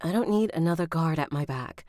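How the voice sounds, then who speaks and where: A woman voicing an anxious young woman who speaks higher and pleads. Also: expressive, a little fast, a little mellow, dry recording, clean studio sound. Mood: pleading.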